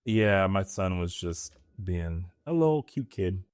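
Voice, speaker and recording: A man's voice: deep voice, a little slow, clear, resonant tone, no room sound, studio quality. A man co-hosting a podcast who jokes and swears in casual chat. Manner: animated, joking, swears. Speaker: podcast co-host.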